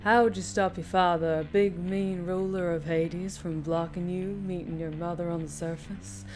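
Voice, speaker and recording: A woman voicing a gruff male mercenary with a put-on Southern drawl, speaking slowly. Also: lowish voice, steady tone, darkish tone, soft background music, close to an everyday voice. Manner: slow drawling delivery.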